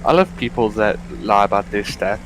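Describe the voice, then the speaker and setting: A man's voice: on the low side, lively intonation, normal speed, a bit bright, slight background noise, low-quality recording. Wry man streaming a flight sim. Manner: dry, wry remarks. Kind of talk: casual gaming chat.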